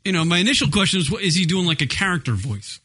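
A man's voice: high-pitched, sing-song, racing, pushed and bright, slightly rough. A man co-hosting an internet radio show in casual banter, swearing freely and asking incredulous questions. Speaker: co-host.

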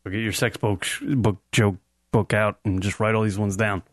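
A man's voice: fairly low pitch, flat delivery, normal speed, dry recording. Brash young male co-host, crude rambling rants, dry close sound. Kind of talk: casual crude comedy banter.

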